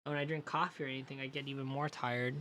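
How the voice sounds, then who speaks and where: A man's voice: mid-range voice, little pitch movement, fast, pushed and bright, slight background noise. A man streaming a game, tired and drowsy, reading the dialogue aloud and chatting loosely with viewers. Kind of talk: casual gaming stream chat.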